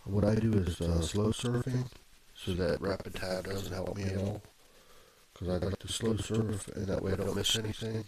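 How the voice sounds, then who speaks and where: Man with a very low voice, casual self-narrated screen recording on a desk mic, rambling delivery. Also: fairly even intonation, normal speed, darkish tone. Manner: rambling, with many fillers and restarts. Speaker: video blogger. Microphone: plugged-in desk microphone.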